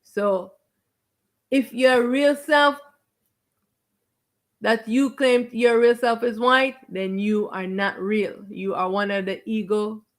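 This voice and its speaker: A woman's voice: mid-range voice, steady tone, unhurried, hardly any pauses. A woman acting as a spiritual teacher, preaching to viewers on a live stream in an emphatic, confrontational way. She stretches out stressed words and repeats her phrases.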